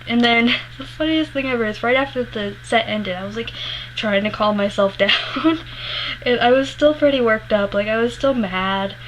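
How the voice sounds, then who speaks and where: A woman's voice: fairly high pitch, a bit bright, a little hiss or hum, poor audio. A woman vlogger animatedly retelling a personal story to camera, swearing freely and laughing as she goes, emotional while she remembers it.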